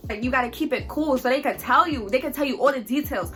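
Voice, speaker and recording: A young woman telling a story on her vlog in a chatty, animated, slangy way. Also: high voice, quick pace, faint music behind.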